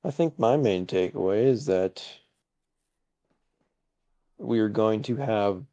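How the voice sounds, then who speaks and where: A man co-hosts a casual sports podcast, pausing often and filling gaps with hesitant ums. His low voice sounds somewhat dull and lo-fi. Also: expressive, mellow. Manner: hesitant, many fillers, chuckling asides. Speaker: podcast co-host.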